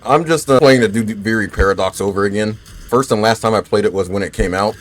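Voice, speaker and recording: A man's voice: lowish voice, fast talker. A man in his twenties giving casual, profane commentary while he streams a game, chatting loosely with viewers and fighting the hiccups. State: has the hiccups. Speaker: gaming streamer.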